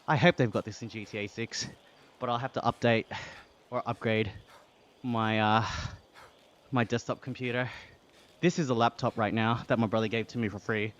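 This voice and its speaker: A man's voice: mid-range voice, steady tone, normal speed, pauses often, a bit bright, muffled recording. A man from Australia with an Australian accent, live-streaming and reading out chat while he cycles on an indoor trainer. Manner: reads chat aloud and thanks viewers, breathy from exertion.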